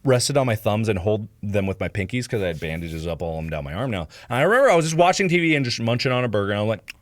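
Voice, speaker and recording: A young man from Ohio telling a rambling story on a livestream, full of fillers and acting out loud yelps. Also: on the low side, lively intonation, fast talker, no room sound. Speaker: streamer.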